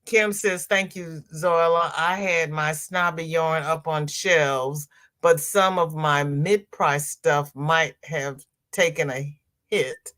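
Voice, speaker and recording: Slow, low-pitched woman hosting a crochet livestream. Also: a bit bright. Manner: chatty, reads viewer comments aloud and responds. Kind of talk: casual livestream chat reading comments.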